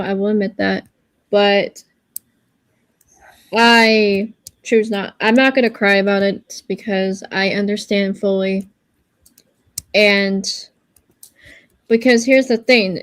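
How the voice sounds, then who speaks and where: A woman's voice: mid-range voice, no echo. A woman on a casual livestream giving an earnest, reassuring pep talk, rambling and searching for her words as she goes.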